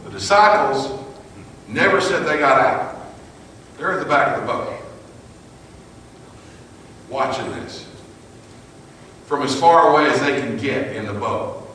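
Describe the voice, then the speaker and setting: A man preaching to a live audience, retelling a scene vividly and dropping to a hush for tension. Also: medium pitch, unhurried, pauses often. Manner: vivid, shifts from loud to hushed. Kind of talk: dramatic storytelling sermon. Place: live venue, large hall. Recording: echoey hall from a distance with noise.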